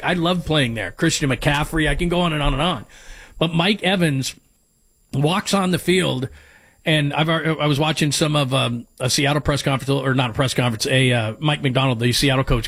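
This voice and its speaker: A man's voice: a little high, fairly bright tone, slightly rough. A man hosting sports talk radio, giving strong opinions as he runs through names and stats.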